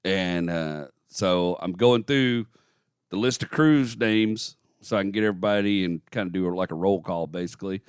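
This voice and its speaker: A man's voice: sits low, moderate pace, smooth, no room sound, clean studio sound. A man in his forties, a podcast co-host telling a long story in casual chat, laughing as he talks. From Texas.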